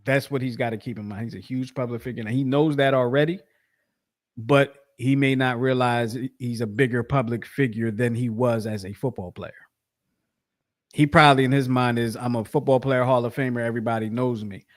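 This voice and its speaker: A man's voice: medium pitch, fairly even intonation, moderate pace. A man co-hosting a sports podcast, chatting casually, rambling with many restarts and fillers. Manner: rambling, repeats himself, frequent fillers. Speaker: podcast co-host.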